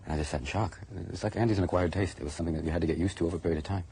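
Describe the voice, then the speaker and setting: A man in a documentary interview, telling stories rapidly and with animation. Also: low voice, husky. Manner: rapid, animated storytelling that bursts into shouted quotes. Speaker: interviewee recalling a friend.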